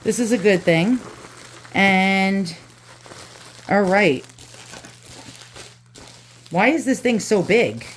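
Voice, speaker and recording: A woman's voice: medium pitch, animated, very slow, pauses often, slight background noise. A woman with a New York accent hosting an antique unboxing vlog at home, ranting and cursing, then turning cheerful. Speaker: antique channel host. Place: home with dogs.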